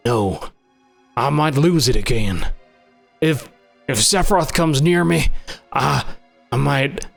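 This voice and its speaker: A player dropping into a low, hesitant voice to play a frightened young swordsman in a fan-voiced game playthrough. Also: slow, creaky, faint music behind. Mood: fearful. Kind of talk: fan voice acting over a game.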